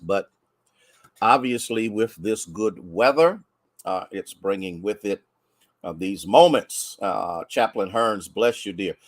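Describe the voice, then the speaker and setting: An American man, a pastor, chatting warmly with livestream viewers and greeting them by name, a bit congested from sneezing. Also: lowish voice, takes it slowly, dry recording.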